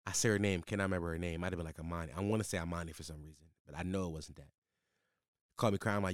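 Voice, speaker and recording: A man in his twenties telling a casual, profane story in slang, with his voice jumping high when he gets exasperated. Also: fairly even intonation, rapid-fire, no echo, clean studio sound.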